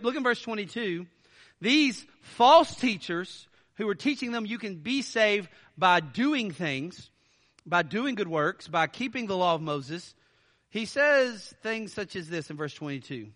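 A man preaching a sermon as pastor, animated and quick with sarcastic asides and laughter. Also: fairly high pitch. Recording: church hall reverb.

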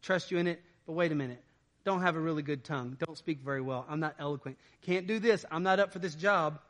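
A reluctant Moses makes casual, halting excuses, voiced by a preacher in the middle of a sermon. The voice drops a little lower than the preacher's own but keeps its bright edge. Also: male voice, big-room sound, lightly acted.

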